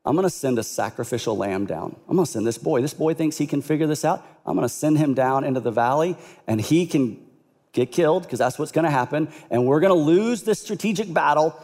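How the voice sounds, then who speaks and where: A preacher putting on a hushed scheming king. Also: a little high, lively intonation, a little fast. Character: scheming middle-aged male king, cornered and calculating.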